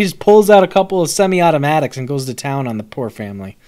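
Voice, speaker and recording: Animated young man reviewing cards on a live stream. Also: a little high, fast talker. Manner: animated, swearing, laughing, answers chat. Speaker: streamer reviewing a card set. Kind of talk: casual live-stream commentary.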